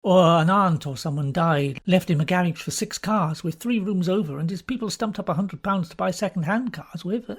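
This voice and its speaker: A woman's voice: lowish voice, moderate pace, hardly any pauses, slightly rough. A woman voicing an earnest, bluff young man, recently out of the Navy, in an audiobook. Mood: eager. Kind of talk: audiobook character reading.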